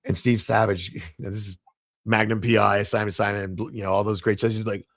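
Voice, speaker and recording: A gravelly, fairly low-pitched man spins a story as a podcast guest. He tells it animatedly, with frequent laughs and quick restarts, and his voice sounds close and dry. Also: little pitch movement, dry recording. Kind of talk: casual storytelling.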